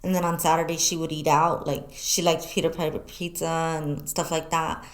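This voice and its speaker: A woman co-hosting a talk show, telling animated stories in casual chat and swearing freely. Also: low voice, moderate pace. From New Mexico, US. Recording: echoey room.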